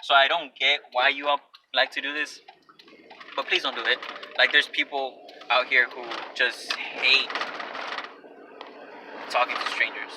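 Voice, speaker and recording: Young male vlogger, mid-pitch, rambling and awkward, recorded from a distance in a car with loud road noise. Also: steady tone, measured pace, pauses often. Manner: rambling, self-conscious, often restarts. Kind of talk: casual vlog rant. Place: in a car while driving. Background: car and traffic noise.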